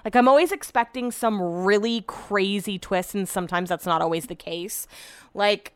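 Smooth-voiced woman chatting casually. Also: mid-range voice, moderate pace, no echo. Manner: rambling, chatty, swears freely, trails off mid-sentence. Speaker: podcast host. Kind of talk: casual solo podcast chat. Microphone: podcast microphone.

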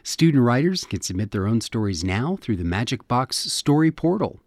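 A man's voice: mid-range voice, very animated, normal speed, no echo, studio quality. A man hosting a public radio arts show, reading scripted introductions and credits in an upbeat, announcer-like way. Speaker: radio host and producer.

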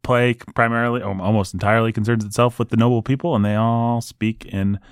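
A man's voice: medium pitch, fairly even intonation, fairly quick, smooth, no room sound, clean studio sound. A man co-hosting a podcast in a playful, casual manner, asking his co-host questions. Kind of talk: casual discussion.

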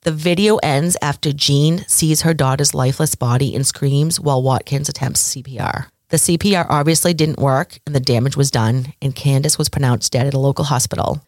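Woman true crime host, low and dry, emotional storytelling. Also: darkish tone, dry recording. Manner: emotional, indignant, reads case details aloud.

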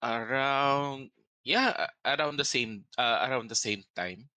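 A man narrating a tabletop game as game master, in a measured, descriptive way. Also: medium pitch, pushed and bright, no echo.

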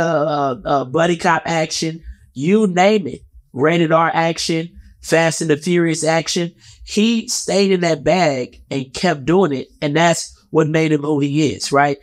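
Brief: male vlog commentator, slightly high voice, heated and profane, rambles with lots of fillers. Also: dry recording, studio quality. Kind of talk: casual commentary rant.

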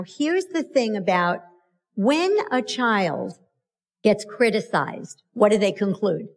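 Middle-aged woman, parenting speaker, slow and emphatic, acts out quotes in her stories. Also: fairly high pitch. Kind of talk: motivational talk to an audience.

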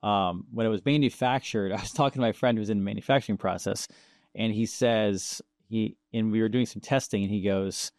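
A man hosting a conversation, telling stories in a casual, animated way and acting out the quoted voices. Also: on the low side, brisk, dry recording, studio quality. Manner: animated, acts out quoted dialogue, laughs often. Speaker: show host.

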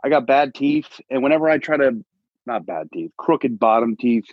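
A man's voice: medium pitch, normal speed. A young man tells rambling stories in a loose podcast chat, laughing at himself and swearing casually. The sound is dull and muffled. It is also dry and close, with no room echo. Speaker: podcast guest, comedian.

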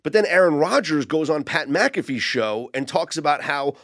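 A man's voice: on the high side, lively intonation, moderate pace, fairly bright tone. A man on a sports betting podcast, casually recounting football news in detail.

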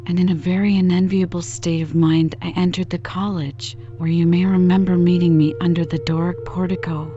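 Sleep-story reader: woman, low mellow voice, soft and calm, some whispering, muffled audio with faint music underneath. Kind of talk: slow bedtime story reading.

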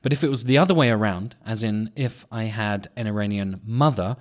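A man's voice: on the low side, brisk. A man hosting a podcast in a casual chat, wry and joking, with the odd swear word. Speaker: podcast host.

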